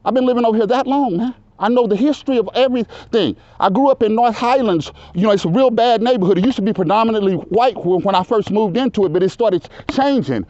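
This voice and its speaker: A man in his fifties talks loud and rambles, circling back with "you know what I'm saying" as he tells his story. His voice sits high for a man, and the recording is dull and lo-fi. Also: quick pace, hardly any pauses, dry recording. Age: 50s. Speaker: local resident telling his story. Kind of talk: casual conversation.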